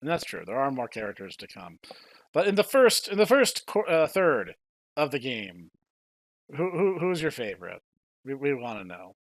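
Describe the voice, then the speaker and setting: A man's voice: mid-range voice, normal speed, no room sound. Chatty young man hosting a podcast, dry sound. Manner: lively, laughs easily, stumbles over words. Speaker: podcast host. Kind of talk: casual podcast chat.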